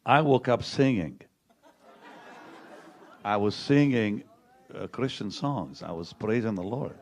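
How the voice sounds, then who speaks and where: An older man, a televangelist, tells a personal story in a halting way, repeating words and acting out what others said to him. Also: on the low side, a little mellow, some chatter behind. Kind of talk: personal testimony to an audience.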